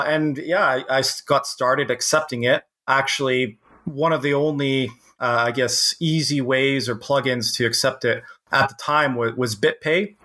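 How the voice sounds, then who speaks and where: A man's voice: mid-range voice, pushed and bright. A man from Canada, a company founder, speaking as a podcast guest in an easygoing way with some restarts. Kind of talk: casual podcast interview.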